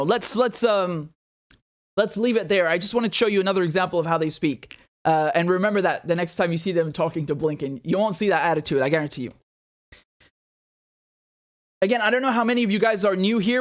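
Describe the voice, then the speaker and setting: A man hosting a livestreamed political commentary show, ranting in an animated, exasperated way with sarcastic asides. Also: high voice.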